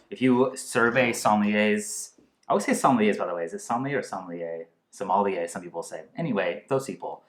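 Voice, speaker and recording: A man with a fairly low voice hosts a casual wine tasting. He rambles excitably and stops and restarts as he searches for words. The room sounds echoey. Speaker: host.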